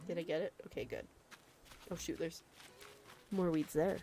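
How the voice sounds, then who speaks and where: A woman's voice: on the low side, normal speed, warm tone, soft background music. A young woman with the hiccups, chatting casually and laughing often while streaming a video game. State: has the hiccups. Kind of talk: casual gameplay chat.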